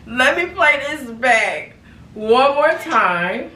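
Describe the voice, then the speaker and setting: A woman chatting in a casual haul vlog, animated and repeating phrases for emphasis. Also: on the high side, very slow. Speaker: lifestyle vlogger. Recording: echoey room, far from mic, background noise.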